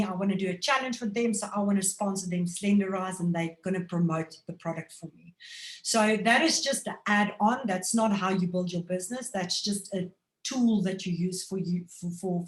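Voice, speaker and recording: A woman giving a motivational training talk on network marketing, lively and acting out phone calls. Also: medium pitch, echoey room, rough recording. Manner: animated, acts out phone calls in quick voices.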